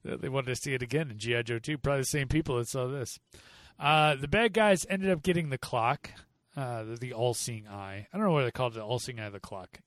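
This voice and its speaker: A man co-hosting a casual movie review podcast, animated and fond of acting out scenes in put-on voices. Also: medium pitch, quick pace, no echo. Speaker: podcast co-host.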